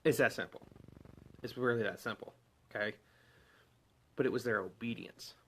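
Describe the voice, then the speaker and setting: A man's voice: mid-range voice, moderate pace, slight background noise. A man preaching a casual devotional sermon, talking conversationally and asking many rhetorical questions. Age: adult parent.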